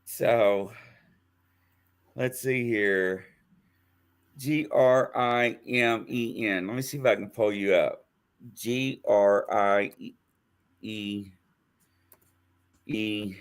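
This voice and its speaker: A man's voice: on the low side, drawn-out words, pauses often, clean tone. A man hosting a live chat show, laughing a lot and talking. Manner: laughs a lot, spelling out names while typing. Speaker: show host. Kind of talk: casual live-stream chat.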